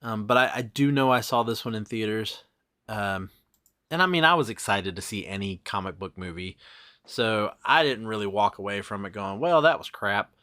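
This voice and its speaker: A man's voice: lowish voice, moderate pace, bright, forceful tone. A man hosting a casual movie podcast, chatting and sharing comic book trivia. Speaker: podcast host.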